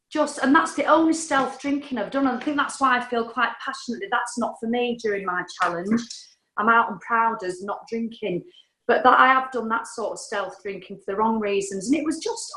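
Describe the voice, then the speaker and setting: A middle-aged woman, a podcast guest, tells her story in a candid, chatty way and swears now and then. Her voice sits a little high. She is recorded in a room with a noticeable echo. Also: fairly bright tone. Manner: chatty, frank, swears casually. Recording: echoey room.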